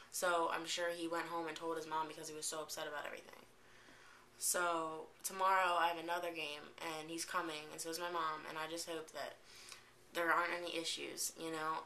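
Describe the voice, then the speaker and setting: Teen girl vlogger, bright tense voice, lowish pitch, emotional rambling storyteller, webcam at home with faint room hum. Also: gravelly. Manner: emotional, rambling retelling with quoted dialogue. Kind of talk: casual vlog storytelling.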